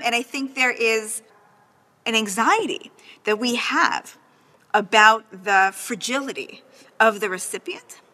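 Bright-voiced woman teaching, animated. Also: fairly high pitch, long reverb tail. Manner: animated, frequent "right?" checks. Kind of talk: lecture on a text.

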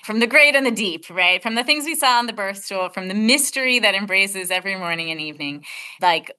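A woman's voice: medium pitch, expressive, fairly quick, sharp tone, clean tone. A middle-aged woman teaching a text-study class, talking in a conversational way and thinking aloud with many filler words.

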